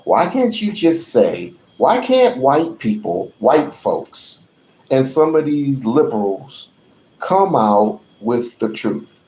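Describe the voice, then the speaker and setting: A man hosting his channel, delivering a profane, repetitive rant that builds to shouting. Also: mid-range voice, sing-song, takes it slowly. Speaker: channel host. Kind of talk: ranting commentary. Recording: roomy echo.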